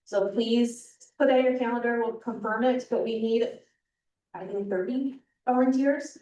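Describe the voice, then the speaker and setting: A woman's voice: on the high side, fairly even intonation, normal speed, mellow, lo-fi sound. Woman announcing club business in a roomy hall. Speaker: club meeting leader. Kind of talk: meeting announcements. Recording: echoey room, distant mic.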